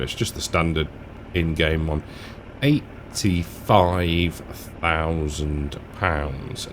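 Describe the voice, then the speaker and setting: A man's voice: low-pitched, gravelly, slight background noise. A man from England giving casual, rambling commentary while playing a farming game, chatty and self-deprecating. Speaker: gaming channel host. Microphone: desk mic with headphones.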